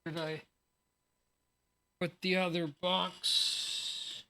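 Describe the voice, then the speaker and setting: With a sleepy morning voice, a streamer in his forties chats casually while unboxing cards, thinking out loud and teasing himself. He speaks slowly, drawing out words in an easy, unhurried manner, his high-pitched voice bright and sharp but flat in delivery. There's a little hiss or hum in the audio.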